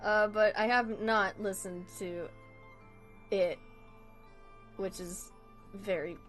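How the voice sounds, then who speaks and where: A woman's voice: medium pitch, fairly even intonation, slow pace, soft background music, low-quality recording. A woman livestreaming as she draws, chatting casually with her viewers, laughing often, swearing casually and apologizing with a self-deprecating tone. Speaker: livestreamer drawing for chat.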